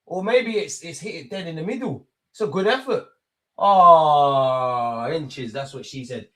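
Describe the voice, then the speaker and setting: A man's voice: fairly high pitch, unhurried, fairly bright tone. A man hosting a live football watch-along stream, chatting loosely and bantering with his viewers in slangy speech.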